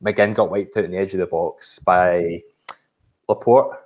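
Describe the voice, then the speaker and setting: A man's voice: sits low, steady tone, unhurried, darkish tone. A Scottish man co-hosting a podcast, chatting casually about football in a rambling, hesitant way with lots of fillers. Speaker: podcast co-host.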